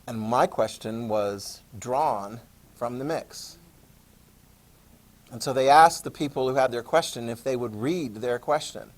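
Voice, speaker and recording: An American man lecturing a class, telling a personal anecdote in a chatty, animated way and addressing the students directly. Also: mid-range voice, a little slow. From United States. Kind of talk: classroom storytelling.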